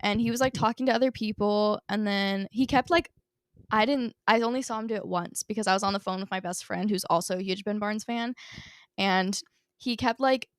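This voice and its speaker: A woman's voice: mid-range voice, a little fast, clear, resonant tone, no echo, studio quality. A young woman co-hosting a podcast, telling a story in a casual, gushing way and saying "like" constantly. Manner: gushing, fills nearly every phrase with "like". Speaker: podcast co-host.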